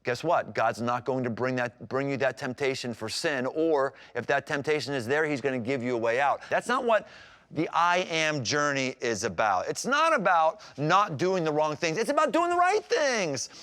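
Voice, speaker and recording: A man serving as pastor preaches a sermon in a conversational, emphatic, animated style, acting out scripture scenes with different voices. His voice is mid-range and his pace moderate.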